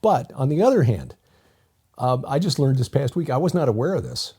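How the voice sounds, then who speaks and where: A man's voice: medium pitch, big pitch swings, fairly quick, dark tone, husky. A man co-hosting a talk podcast in a casual, rambling way, often restarting his sentences. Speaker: podcast co-host. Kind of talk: casual conversational commentary.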